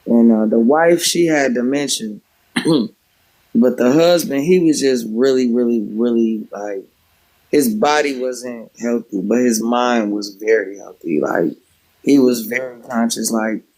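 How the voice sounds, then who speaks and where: A man's voice: medium pitch, darkish tone, rough recording. A man hosting a livestream, telling a story in a loose, rambling way with many filler words. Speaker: livestream host; former home health care worker. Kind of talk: casual storytelling chat.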